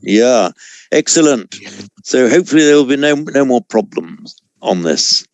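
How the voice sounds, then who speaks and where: A man teaching a Sanskrit class over a video call, explaining pronunciation in a measured way with frequent self-corrections. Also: mid-range voice, sing-song, no echo. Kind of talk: online class lecture.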